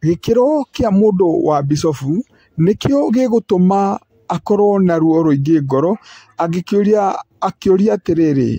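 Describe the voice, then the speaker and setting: A man reading a scripted news report at a measured, steady pace. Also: high-pitched, breathy edge, dry recording. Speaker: news presenter.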